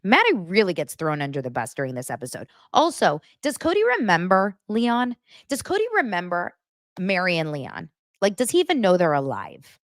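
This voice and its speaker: A woman's voice: lowish voice, wildly swooping pitch, moderate pace, dry recording, clean studio sound. A woman hosting a pop-culture commentary show, ranting in a blunt, sarcastic, exasperated way. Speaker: host.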